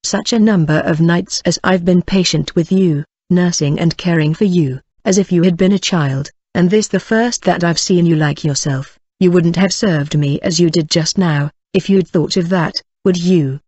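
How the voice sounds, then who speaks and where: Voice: mid-range voice, moderate pace, few pauses, no echo, highs cut off, lightly acted. A reader doing a weary, pleading young woman. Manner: soft, pleading.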